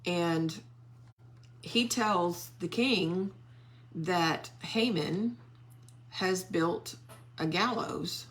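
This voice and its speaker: Slow-paced woman retelling a Bible story. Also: lowish voice. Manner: animated storytelling with quoted character voices. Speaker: Bible study teacher.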